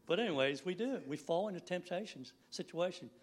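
A man's voice: high voice, lively intonation, fairly quick. A man in his sixties giving a folksy, rambling church sermon, laughing now and then. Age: 60s. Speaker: lay preacher.

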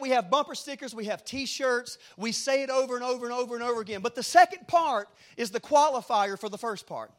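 A middle-aged man preaching a rambling sermon, moving from hushed storytelling to shouted exhortation. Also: high voice.

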